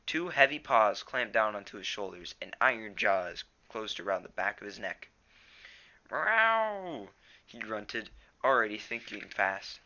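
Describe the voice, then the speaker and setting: A man's voice: fairly low pitch, bright, forceful tone, highs cut off. A teenage boy reading a novel aloud at home, plainly, with small stumbles. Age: teens. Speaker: reader.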